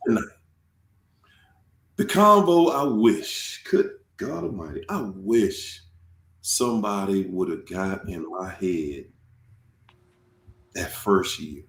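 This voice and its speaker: A man hosting his channel in casual chat, animated and swearing freely, acting out quoted tirades. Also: low-pitched, slow, creaky, long pauses, echoey room. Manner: animated, swears, acts out quoted rants loudly. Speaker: channel host.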